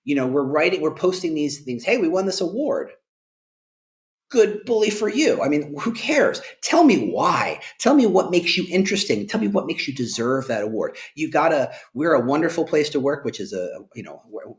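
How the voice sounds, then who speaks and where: Animated, jokey man talking shop. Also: on the high side, a little fast, few pauses. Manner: animated, jokey, emphatic with rhetorical "right?". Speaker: guest, employer branding expert. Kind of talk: conversational interview.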